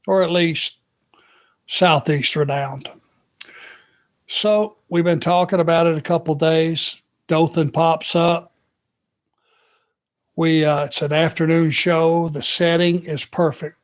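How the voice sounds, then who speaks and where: A man from Georgia, co-hosting a podcast and telling a long anecdote in an unhurried, drawn-out way. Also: a little high, fairly even intonation. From Georgia, USA. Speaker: podcast co-host. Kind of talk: casual storytelling chat.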